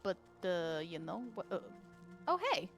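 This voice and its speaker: A woman's voice: on the low side, big pitch swings, measured pace, vocal fry, faint music behind. A woman co-hosting a gaming channel, chatting playfully and casually while playing. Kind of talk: casual let's-play chat.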